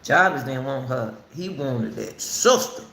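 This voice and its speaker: A woman with a bass voice hosts a commentary channel, talking casually about a case and speaking repetitively and emphatically straight to her viewers. She is animated, unhurried, and a bit bright. The recording has a roomy echo and faint background noise.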